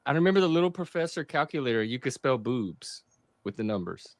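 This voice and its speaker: A man hosting a relaxed group chat, joking often and laughing at his own lines. His pitch swings widely as he talks. The sound is dry and close. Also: brisk, dry recording. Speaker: podcast host.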